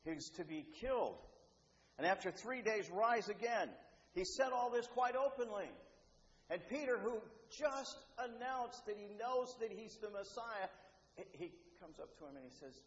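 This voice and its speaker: A man preaching a sermon, animated, acting out the voices he quotes, with repeats and restarts. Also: high-pitched, normal speed. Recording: roomy, dull, faintly noisy hall.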